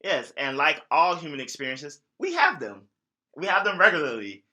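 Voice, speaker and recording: A man co-hosting a casual gaming podcast, earnest and relaxed, leaning on "you know" and "like". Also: a little high, normal speed. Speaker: podcast co-host. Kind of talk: casual chat.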